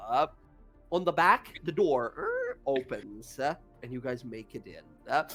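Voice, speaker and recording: This is a game master running a tabletop game, telling the scene in a loose, chatty way full of small filler sounds. The pitch swings up and down a lot as the story unfolds, in a middle register. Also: huge pitch swings, unhurried, a bit bright, faint music behind. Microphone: desk mic on a stream.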